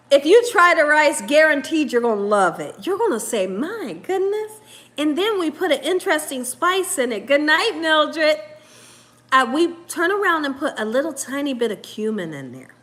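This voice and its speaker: A woman's voice: high-pitched, a bit bright. A woman hosting a live cooking stream in a casual, chatty way, laughing often and reading viewer comments aloud. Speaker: cooking show host.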